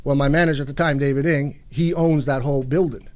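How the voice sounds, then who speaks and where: Fast-talking man, rambling. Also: a little high, steady tone, a little mellow. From Toronto, Canada. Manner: rapid, rambling storytelling with many restarts. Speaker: guest musician. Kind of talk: casual interview chat.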